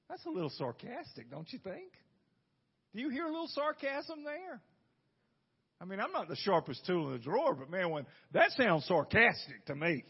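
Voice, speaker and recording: High-voiced folksy preaching man. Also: big pitch swings, moderate pace, husky, muffled recording. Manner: folksy, asks the room rhetorical questions. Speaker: pastor. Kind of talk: conversational sermon.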